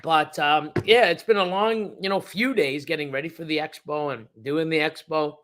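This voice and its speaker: This reptile breeder is middle-aged and hosts an informal livestream. He reads the chat at a moderate pace in a fairly high, slightly bright voice, meandering with frequent fillers and restarts.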